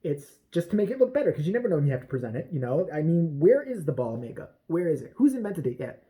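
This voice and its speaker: A woman's voice: low voice, sing-song, fast, mellow. A woman vlogger giving a blunt, profane gossip commentary.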